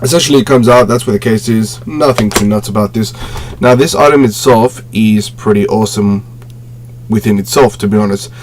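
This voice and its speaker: A man's voice: fairly low pitch, a little fast, a little hiss or hum. A man casually reviewing a collectible on a webcam at home, rambling, with many fillers and self-corrections. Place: home room with display shelves.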